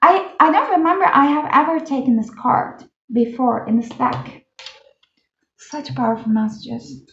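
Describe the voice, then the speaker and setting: A woman with a fairly high voice gives a casual pick-a-card tarot reading, chatty and enthusiastic. Her talk is full of fillers. The lo-fi recording sounds dull and echoes around the room. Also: unhurried, gravelly, a bit bright, a little hiss or hum.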